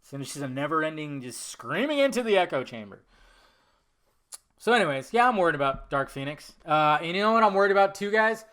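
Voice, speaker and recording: A man's voice: on the high side, sing-song, a little fast, sharp tone. A man hosting a solo podcast, ranting heatedly and swearing a lot. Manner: heated, swearing, emphatic rants. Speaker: podcast host.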